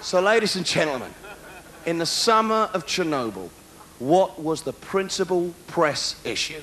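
A man, doing a live stand-up routine, ranting fast and shouting his punchlines. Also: on the high side, slight background noise. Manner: rapid, ranting, animated delivery with shouted punchlines. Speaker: stand-up comedian. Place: large concert hall with live audience. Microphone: stage microphone. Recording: roomy live hall recording with faint crowd.

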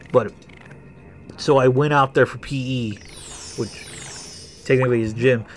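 A man hosting a casual game walkthrough, rambling through personal stories and swearing a lot. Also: mid-range voice. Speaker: gaming video host. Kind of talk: casual let's-play storytelling.

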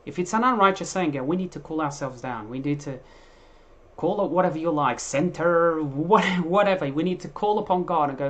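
A man preacher delivering a sermon in an emphatic, animated way, with frequent restarts. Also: a little high, fairly quick.

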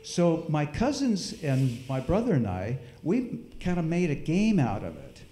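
A middle-aged man telling a folksy, animated story with sound effects during a church service. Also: a little high, measured pace, echoey room. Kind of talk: storytelling in a sermon. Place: church hall.

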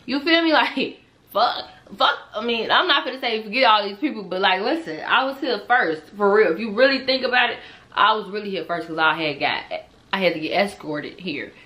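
A young woman tells a storytime to her viewers in a bright, forceful voice. She is animated and laughs often, swearing freely as she goes. She keeps speaking directly to the people watching. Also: medium pitch, fairly quick. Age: young adult. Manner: talks straight to viewers. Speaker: storytime vlogger. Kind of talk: casual storytime.

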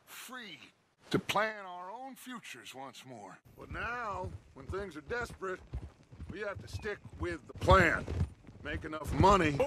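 An actor playing a persuasive outlaw gang leader in a video game, speaking in a measured way. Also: male voice, high voice, animated, noisy background. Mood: earnest.

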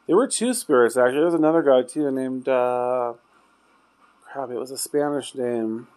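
A man investigating spirits in an old hotel room at night, chatting casually and trailing off into quiet asides. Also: mid-range voice, moderate pace, slight background noise. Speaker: paranormal investigator. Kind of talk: casual chat during ghost hunt.

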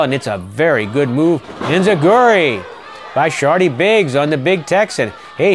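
Folksy man calling wrestling. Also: on the high side. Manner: folksy, excitable calls. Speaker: wrestling commentator. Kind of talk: play-by-play commentary.

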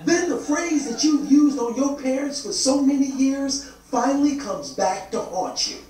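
A man doing a stand-up comedy set, telling stories with lively, loud punchlines. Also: very high voice, normal speed. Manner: animated storytelling, loud punchlines. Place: comedy club stage. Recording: echoey club with crowd noise. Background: audience laughter.

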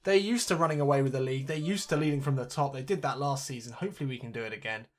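A man commentating on his own football video game match as host, getting excited at goals. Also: mid-range voice, very fast. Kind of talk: let's play football commentary.

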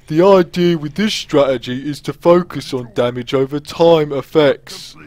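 A man doing a slow, plodding ogre. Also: fairly high pitch, darkish tone, no room sound, pitched above the performer's own voice, natural voice. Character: slow, dim-sounding male ogre.

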